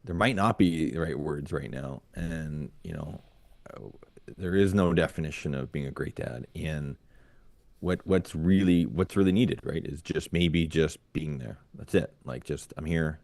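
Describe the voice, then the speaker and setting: A man's voice: a bass voice, a little slow, gravelly, darkish tone, no room sound. A man co-hosting a podcast about fatherhood, thinking aloud in a thoughtful, searching way. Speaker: podcast co-host. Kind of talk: reflective casual conversation.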